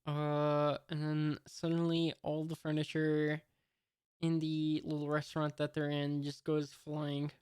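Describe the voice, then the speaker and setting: A man reading a comic for the first time and commenting as he goes, halting and musing, with many fillers. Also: a little high, monotone, a little mellow, clean tone, no echo, clean studio sound. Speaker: comic reader.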